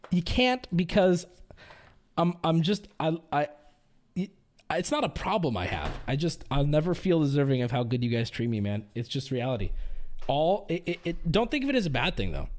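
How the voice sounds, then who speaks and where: A young man talking to his stream in a casual, rambling way. When riled he rants and swears, his pitch swinging widely. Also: big pitch swings, normal speed. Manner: heated ranting with swearing. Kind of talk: casual livestream chat.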